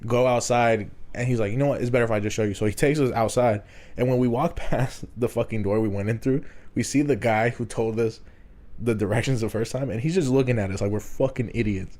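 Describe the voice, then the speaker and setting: A man's voice: mid-range voice, fairly quick. Swearing young man telling a story. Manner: swearing, laughing, animated retelling. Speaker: podcast host. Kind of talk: casual storytelling chat.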